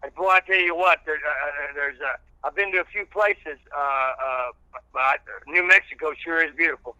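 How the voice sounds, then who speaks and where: A man, chatting casually as a guest on a podcast, folksy and halting with many fillers. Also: fairly high pitch, pushed and bright, dry recording, poor audio. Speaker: radio host and guest.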